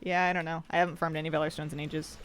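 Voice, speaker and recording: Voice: mid-range voice, level tone, rapid-fire, a bit bright, clear, resonant tone. A game streamer chatting casually while playing, reading viewer questions aloud and laughing often. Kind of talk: casual chat while gaming, answering chat. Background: faint game music.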